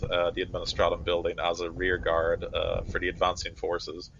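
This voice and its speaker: A stern army captain, voiced by a man with a very deep voice, laying out orders one careful phrase at a time with frequent "uh" pauses. The sound is a little muffled, with lo-fi dullness and a faint hiss. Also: pushed and bright. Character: stern male army captain, commanding officer.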